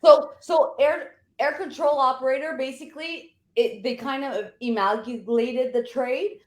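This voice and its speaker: A woman's voice: high voice, a little slow. A woman co-hosting a veterans' podcast, chatting and explaining with many restarts. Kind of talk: casual conversation. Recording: roomy echo.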